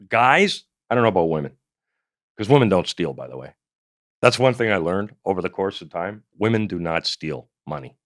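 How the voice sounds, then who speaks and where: This is a middle-aged man from Canada with a low voice, a comedian and ex-investigator sitting in as a guest. He tells an animated, profane story in an interview and performs the quotes. The audio is studio quality with no echo.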